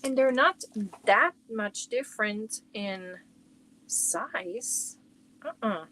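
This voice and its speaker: A woman's voice: fairly high pitch, animated, very slow, a bit bright, slight background noise, low-quality recording. A woman hosting a casual crochet livestream from home, chatting and reacting to viewer comments as she shows yarn. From Germany.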